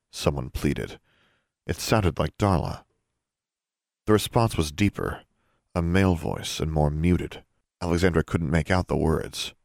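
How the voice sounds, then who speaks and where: A man narrating a fantasy audiobook in a measured, suspenseful storytelling manner. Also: a bass voice, vocal fry, darkish tone, no room sound, clean studio sound.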